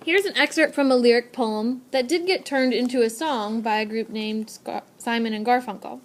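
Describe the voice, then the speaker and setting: A young woman in a recorded lesson, explaining clearly and brightly to students and stressing key points by repeating them. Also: fairly high pitch, normal speed, few pauses. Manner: clear, upbeat teacherly explaining with emphatic repetition. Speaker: teacher. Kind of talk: recorded lesson narration over slides. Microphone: tablet microphone.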